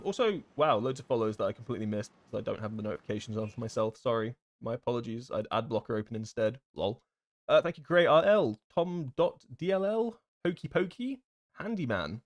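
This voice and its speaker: A man's voice: mid-range voice, fairly bright tone. A man live-streaming a game, chatting casually and thinking aloud, full of fillers and restarts as he answers chat questions.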